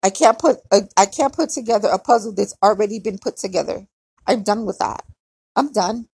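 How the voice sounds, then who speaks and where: A woman's voice: medium pitch, fairly quick, gravelly, a little mellow, slightly rough, no echo. A young woman venting bluntly in an emotional personal monologue, repeating herself as she talks. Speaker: podcaster.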